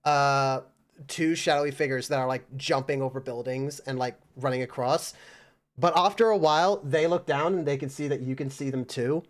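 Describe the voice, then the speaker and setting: Man running a tabletop game, smooth voice. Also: mid-range voice. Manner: relaxed, halting with fillers. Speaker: game master.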